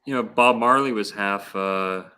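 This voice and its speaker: A man's voice: fairly low pitch, a little slow, sharp tone, smooth. A man telling rambling stories in a casual podcast chat. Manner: rambling, enthusiastic storyteller. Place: Florida.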